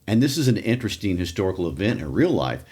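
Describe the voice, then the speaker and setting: A man's voice: lowish voice, very animated, fast talker, a little mellow, slightly rough. A man co-hosting a literature podcast, adding wry asides and historical notes. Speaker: podcast co-host.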